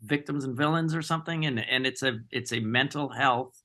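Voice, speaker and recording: Animated man telling stories, bright tone. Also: medium pitch, fairly quick. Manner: animated storyteller, acts out quoted dialogue. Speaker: actor guest. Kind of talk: casual podcast interview.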